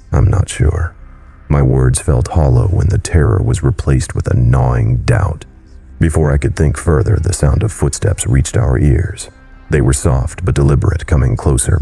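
Very deep gravelly horror narrator, a man. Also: warm tone.

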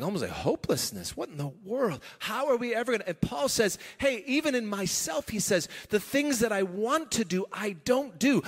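A man's voice: sits high, fairly bright tone, long reverb tail. A male pastor preaching a sermon, talking in a conversational, emphatic way with chuckles and restarts, in a church sanctuary.

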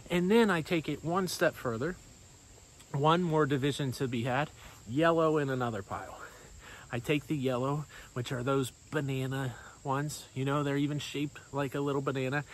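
A man's voice: on the high side, low-quality recording. Playful man preaching casually. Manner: playful, conversational storytelling with lively swings. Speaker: pastor. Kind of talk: sermon.

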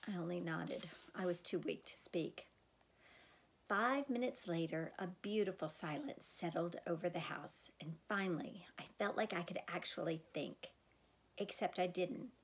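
A woman narrating a first-person audiobook chapter in an expressive, girlish way. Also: fairly low pitch, vocal fry, breathy edge.

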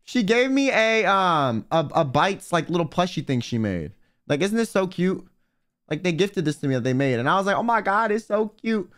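A young man with a somewhat high voice tells stories on his livestream. His pitch leaps around as he talks, and he swears freely and fills his speech with filler words. It is loose, casual storytime chat. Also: big pitch swings, moderate pace, a bit bright. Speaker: vtuber livestreamer.

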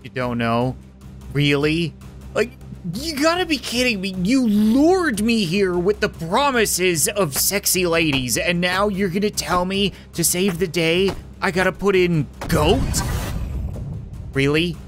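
A man's voice: high-pitched, animated, measured pace, hardly any pauses, fairly bright tone, faint music behind. A man giving crude, joking commentary while playing video games. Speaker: gaming YouTuber. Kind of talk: comedic gameplay commentary.

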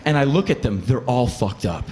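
A man performing a live storytelling monologue on stage, animated and profane, acting out the voices of the people in his stories. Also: medium pitch, moderate pace, noisy background. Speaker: spoken word performer. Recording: echoey live hall recording.

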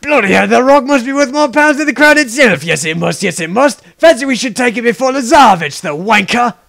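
A man plays a brash woman adventurer in an exaggerated British accent, throwing out crude slang. The voice is high, gravelly and sharp, with cartoonish swagger. It is comic fan-parody acting. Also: lively intonation, brisk, a little hiss or hum, exaggerated voice. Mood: cocky. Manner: crude, cocky mock-Cockney banter.

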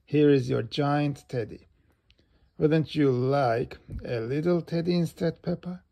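A bright, sing-song female rabbit running a fair stall, with a man putting her on. She calls out loudly in a raised, gravelly voice, taking her lines slowly like a storybook. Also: a little high. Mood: cheery. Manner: loud sing-song calling out.

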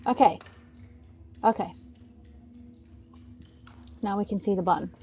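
A woman giving gaming commentary, excitably urging her character on and yelping at scares. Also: mid-range voice, slow. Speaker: let's play gamer.

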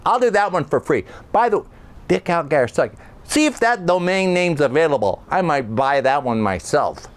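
Man doing a higher-pitched, pushy, ranting voiceover celebrity for a comedy bit. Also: sing-song. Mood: indignant rant. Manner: ranting, indignant, fast-talking.

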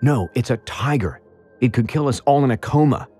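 A man's voice: medium pitch, moderate pace, warm tone, breathy edge, faint music behind, voice pushed up, close to an everyday voice. A man voicing a blunt, frightened young girl in an audiobook, scolding and swearing at her friend. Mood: anxious.

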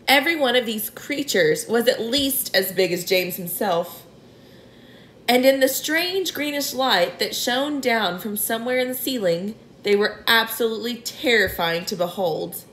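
A woman reading a children's novel aloud in an expressive way. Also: a little high, unhurried, a little hiss or hum. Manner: expressive, clears throat now and then. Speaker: reader. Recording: roomy echo.

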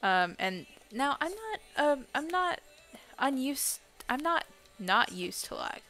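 Brief: slow-talking woman streamer, bright tense tone, laughs a lot and swears playfully, laptop mic, faint music behind. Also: sits high, sing-song. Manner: laughs often, swears and trash-talks teammates. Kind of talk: casual gameplay streaming. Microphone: laptop microphone.

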